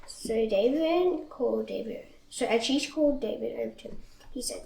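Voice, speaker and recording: Woman reading scripture, gravelly voice. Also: fairly high pitch, moderate pace. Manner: steady reading with slips and restarts. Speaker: Bible reader. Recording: echoey room, faint noise.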